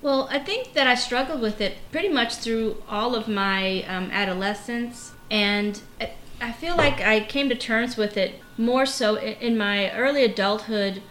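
A woman's voice: fairly high pitch, unhurried, hardly any pauses, a bit bright. A woman, a pharmacy professor, talking candidly in an interview, reflective and full of restarts. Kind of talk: conversational interview. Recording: roomy with faint background noise.

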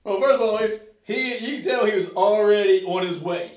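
High, lively man laughing off-mic. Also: moderate pace, distant mic. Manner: laughs often, tells animated bar stories. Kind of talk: casual chat. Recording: roomy, off-mic.

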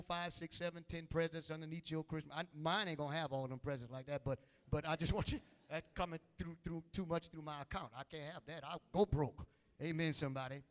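A man's voice: on the high side, in a large hall. A man preaching a sermon, calling out to his congregation with rising and falling intensity. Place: church.

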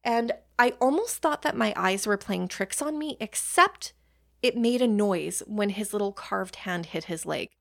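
A young adult woman hosts a podcast, telling personal stories in a chatty, casual monologue with casual swearing and self-deprecating asides. Her mid-range voice is animated and unhurried, a bit bright, with vocal fry.

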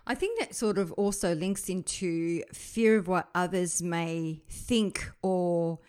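A woman's voice: fairly low pitch, darkish tone, clear, resonant tone. A woman podcast host from the south of France, a native French speaker, who talks reflectively with many restarts. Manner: reflective, halting with frequent restarts. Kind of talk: conversational podcast interview.

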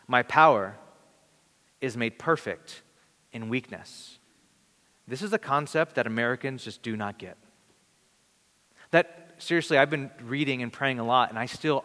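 A man preaching a sermon in an earnest, conversational way, with dramatic pauses. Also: mid-range voice, pushed and bright. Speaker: pastor. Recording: long reverb of a large hall.

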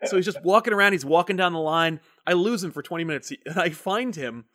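Man, casual chat host, animated storyteller, acts out voices, swears, bright tone, slightly high voice. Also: quick pace. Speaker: podcast host.

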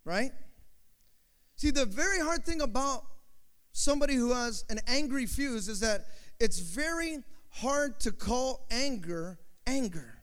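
A man's voice: very high voice, unhurried, big-room sound. A man preaching a sermon, telling stories animatedly and asking his listeners questions. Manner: animated, asks the crowd questions, acts out quotes. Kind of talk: sermon storytelling.

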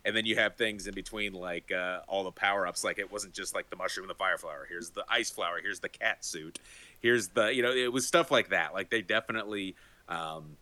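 A man's voice: sits low, sharp tone. A man co-hosting a casual podcast, laying out details at length in a knowledgeable way. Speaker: podcast co-host.

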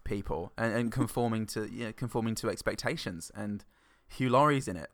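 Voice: medium pitch, brisk, no room sound. A co-host chatting casually, wry and giggly. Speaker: podcast co-host. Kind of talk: casual chat.

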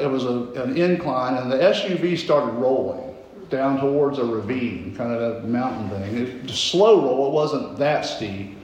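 A man telling a story in a sermon, rambling and correcting himself as he goes, in a church sanctuary. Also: mid-range voice. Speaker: preacher. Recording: very echoey large room.

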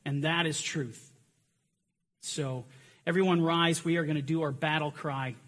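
A man's voice: on the high side, steady tone, unhurried, a bit bright. A man preaching a sermon to a congregation, earnest and intense, repeating phrases for emphasis.

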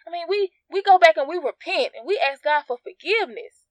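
A woman's voice: very high voice, animated, fairly quick, no room sound. A woman giving an informal devotional teaching, speaking earnestly, repeating phrases for emphasis and addressing her listeners directly. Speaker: Bible teacher.

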